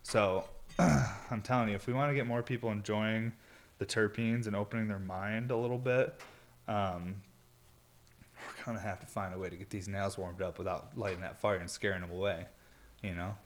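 A worn-out man talks in a loose, rambling way, his voice sitting a little low. He swears freely and sounds tired, like he has barely slept. A faint hiss hangs behind him. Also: fairly even intonation, normal speed. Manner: laid-back, rambling, swears a lot. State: tired, yawning. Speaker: vlogger. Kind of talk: casual rambling monologue. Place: indoor workshop or studio.

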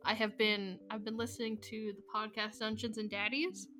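Woman, podcast co-host, casual chat, bright tone, laughs a lot. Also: medium pitch, normal speed, soft background music. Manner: animated, laughs often, swears casually.

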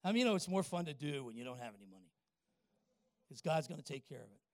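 An older man, a pastor telling a folksy story in a sermon and asking the congregation quick questions. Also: a little high, lively intonation, no room sound.

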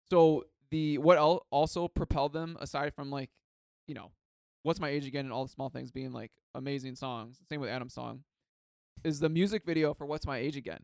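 A man with a smooth, resonant voice that sits a touch high, chatting eagerly on a podcast and rambling through his points. The sound is dry and close. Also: darkish tone, dry recording. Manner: enthusiastic, rambling, says "like" often. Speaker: podcast host. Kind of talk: casual chat.

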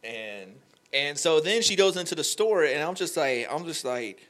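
A young man telling an emotional faith story on a podcast, animated and full of "like" fillers. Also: a little high, moderate pace. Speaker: podcast guest. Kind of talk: candid faith conversation.

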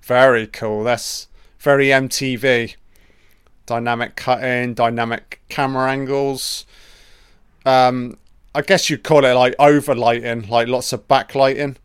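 A man hosting a casual film commentary, reacting excitably and swearing freely as the film plays. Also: medium pitch, measured pace, clear, resonant tone, no echo, clean studio sound. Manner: profane, excitable running reactions.

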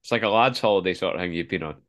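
A man's voice: low voice, a bit bright. A young man co-hosting a podcast, chatting casually and teasing his co-host with dry jokes. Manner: quick, teasing banter with laughs. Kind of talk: casual chat.

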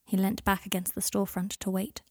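A woman narrating a story in a calm audiobook reading, with a breathy voice. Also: medium pitch, brisk, dry recording, studio quality.

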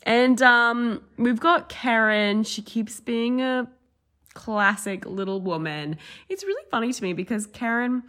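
A woman's voice: fairly high pitch, animated, measured pace, a bit bright. A woman from Australia, co-hosting a casual chat podcast, chatty and swearing freely. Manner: chatty, swears freely, mimics people she discusses. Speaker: podcast co-host.

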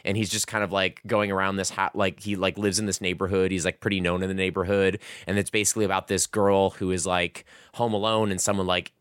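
A man's voice: low-pitched, little pitch movement, fast, few pauses, a bit bright, smooth, dry recording, studio quality. A man hosting a casual video game chat, rambling and full of filler words. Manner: rambling, heavy use of "like" and "um". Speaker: podcast host reviewing a video game.

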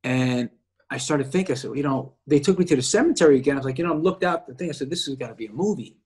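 A man, an actor guest, telling a personal story in casual talk, animated and acting out the voices of the people he quotes. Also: mid-range voice, very fast, husky.

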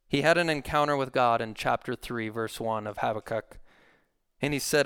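A man's voice: mid-range voice, a little fast, fairly bright tone, clean tone, no echo, clean studio sound. A male pastor preaching a sermon, earnest, his voice rising when he quotes scripture.

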